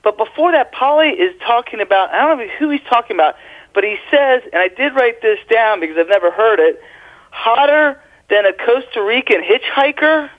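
A man's voice: high voice, expressive, a little fast. Man on a tinny phone line. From Sarasota area, Florida. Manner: adds local background, asides. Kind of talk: casual chat.

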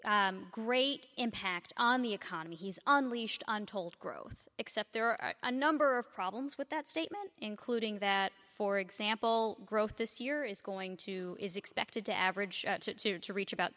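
A woman's voice: medium pitch, normal speed, hardly any pauses, bright, forceful tone. A woman columnist speaking on a live panel in a sardonic, emphatic way. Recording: reverberant hall.

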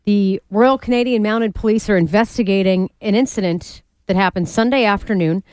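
A woman co-hosting a morning radio show, reading the news in a brisk, matter-of-fact way. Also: mid-range voice, a little mellow, clean tone, no room sound. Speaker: radio co-host and news reader. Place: radio studio.

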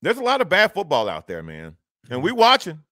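A man co-hosting sports talk, animated and argumentative in casual chat. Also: on the high side, brisk, no echo, clean studio sound.

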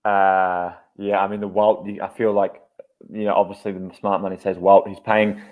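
A man's voice: low voice, flat delivery, normal speed, darkish tone. A man co-hosting a podcast, joking and chatting loosely in fits and starts. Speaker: podcast co-host. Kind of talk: casual banter.

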